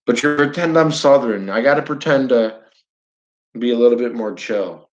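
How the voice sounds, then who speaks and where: A man's voice: mid-range voice, moderate pace, highs cut off. A man with a New York accent ranting bluntly on a livestream, repeating himself and talking straight to his viewers. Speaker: flat earth livestreamer. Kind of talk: fired-up livestream rant.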